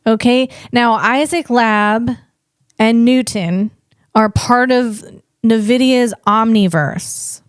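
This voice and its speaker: Woman podcast host, slow, clear voice, dry close sound, rambling and self-correcting. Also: on the high side, no echo. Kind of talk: casual solo podcast talk.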